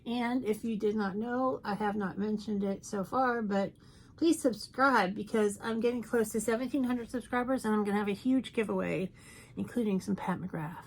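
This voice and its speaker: A woman's voice: medium pitch, normal speed, slight background noise. A woman chatting casually through a makeup tutorial, playful and self-mocking. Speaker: makeup YouTuber.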